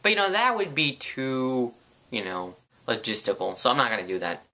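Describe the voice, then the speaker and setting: A man voicing a smug, lazy old male wizard, dropping into a lower, slower delivery. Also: big pitch swings, pushed and bright.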